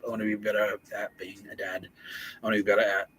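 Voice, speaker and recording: A man's voice: lowish voice, little pitch movement, fast talker, fairly bright tone, husky, low-quality recording. A man in his forties hosting a podcast, rambling and joking with lots of swearing. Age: 40s. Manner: profane, jokey, rambling. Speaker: podcast host. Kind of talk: casual solo podcast monologue.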